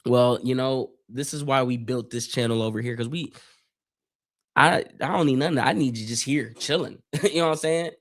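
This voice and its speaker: Man, livestream host, casual play-by-play, slangy, slightly worn voice, frequent throat clearing, dry close mic. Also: medium pitch, normal speed, no echo. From Northeast Ohio. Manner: loose slangy talk, clears throat often. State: losing his voice a bit. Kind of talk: casual live play-by-play and chat.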